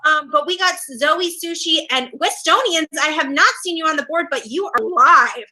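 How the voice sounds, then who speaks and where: A woman hosting a quiz show, bubbly and playful as she reads out questions quickly. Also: sits high, sharp tone, low-quality recording. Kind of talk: upbeat game show hosting.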